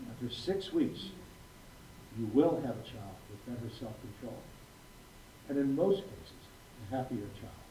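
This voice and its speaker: Repeating key phrases to drive his points home, a physician in his sixties speaks emphatically to a live audience in a school hall during a prepared talk. He talks at a normal pace in a warm, expressive mid-range voice, captured by a distant mic in a roomy recording with faint noise.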